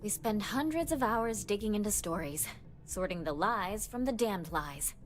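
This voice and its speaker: A woman's voice: medium pitch, animated, normal speed, slight background noise, close to an everyday voice. An actress playing a weary, sardonic female news researcher in a video game. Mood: sarcastic. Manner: dry, sarcastic. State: tired. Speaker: game character. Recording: game audio with music behind.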